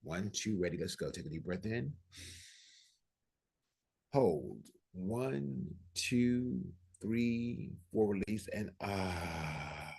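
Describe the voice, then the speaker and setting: Deep husky man leading prayer. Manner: calm, prayerful, unhurried delivery; gently instructive, counting breaths aloud. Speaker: spiritual teacher. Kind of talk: spiritual teaching with prayer and guided breathing. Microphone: video call.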